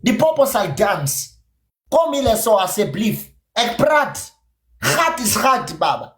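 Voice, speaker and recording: A man's voice: sits high, sing-song, unhurried. A South African man with a Zulu-inflected accent, a native isiZulu speaker, ranting confrontationally and profanely on his podcast stream. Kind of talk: angry livestream rant. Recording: echoey room.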